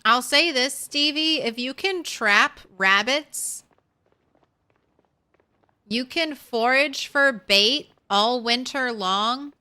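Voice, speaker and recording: A woman's voice: sits high, takes it slowly, pushed and bright, clean tone. A woman streamer chatting casually with her viewers while playing a game, rambling and talking to chat. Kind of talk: casual gameplay commentary.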